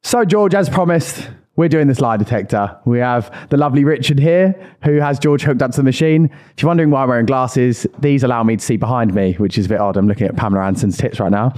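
A man's voice: mid-range voice, fast, few pauses, a little mellow. A young man, co-hosting a podcast, telling jokey stories in casual chat. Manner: playful, jokey storyteller. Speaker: podcast co-host.

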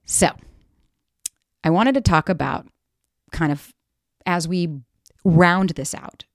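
A woman with a fairly low voice speaks on a podcast in a frank, emphatic way and swears freely. Her voice is close to a podcast mic and sounds dry. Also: takes it slowly, pauses often, dry recording. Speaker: podcast host and dating coach. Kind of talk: candid podcast monologue.

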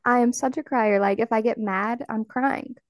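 A woman's voice: on the high side, steady tone, normal speed, a little hiss or hum. A woman hosting a casual podcast chat, encouraging and speaking straight to her listeners. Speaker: podcast host.

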